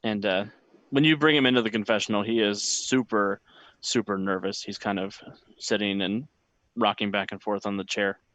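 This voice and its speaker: A man narrating as game master of a tabletop role-playing game, relaxed, with many fillers. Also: fairly low pitch, moderate pace, no echo.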